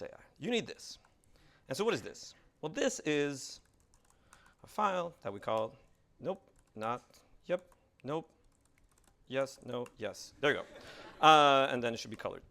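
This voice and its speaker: A man's voice: on the high side, a bit bright. A man giving a live coding demo at a tech meetup, rambling and self-deprecating as he types and talks to the audience. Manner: rambling, self-deprecating, thinks aloud while typing. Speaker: presenter giving a tech talk. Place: meetup room in front of an audience.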